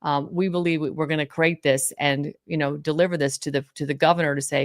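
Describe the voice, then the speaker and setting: A woman from Florida appears as a guest on a podcast, telling stories animatedly in casual interview chat and acting out the quotes. Her voice sits low and she talks quickly with few pauses. The sound is studio quality, with no room sound.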